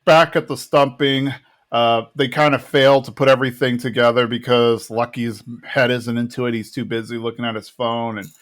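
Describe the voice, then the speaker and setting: A man co-hosting a podcast, casually retelling scenes and quoting characters in a relaxed chat. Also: mid-range voice, moderate pace. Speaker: podcast co-host. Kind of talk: casual chat recapping a TV episode.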